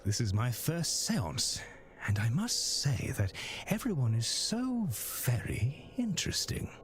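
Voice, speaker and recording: An actor playing a suave, fawning middle-aged jeweller who talks in a smooth, theatrical way, lingering over his words in a game. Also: mid-range voice, huge pitch swings, a little slow, slight background noise. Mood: ingratiating. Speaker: game character.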